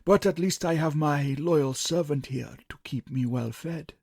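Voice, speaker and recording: A man voicing an ancient, frail male vampire count who speaks slowly and gloats. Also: on the high side, gravelly, a little mellow, no echo, clean studio sound. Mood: gloating. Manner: slow, drawn-out, crowing.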